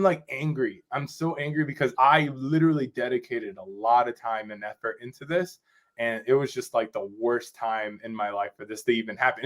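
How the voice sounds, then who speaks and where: A man from Rochester, New York, a drummer guesting on a podcast, telling a story in a rambling, animated way and often asking "you know what I'm saying". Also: medium pitch. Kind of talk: casual storytelling interview.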